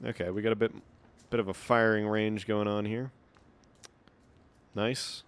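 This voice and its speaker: A man's voice: fairly low pitch, flat delivery, measured pace, clear, resonant tone. A man streaming a game, chatting casually and reading in-game notes aloud in a rambling way. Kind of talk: casual gameplay commentary.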